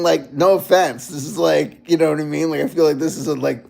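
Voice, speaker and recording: A man vlogging in casual chat, rambling and animated, full of fillers. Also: on the high side, a little fast, gravelly, few pauses.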